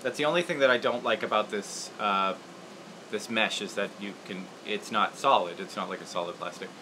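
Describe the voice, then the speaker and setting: With a voice on the low side and a slightly fast delivery, a puppeteer hosts a relaxed livestream tutorial on making puppets against a noisy background. He wanders off topic, laughs, and jokes at his own expense while working.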